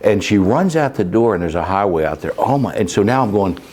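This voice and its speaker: This middle-aged caregiver and sales coach talks in a lowish, darkish voice, animated and a little fast. He rambles through his stories in a plain-spoken interview, full of fillers and false starts, with faint noise in the background.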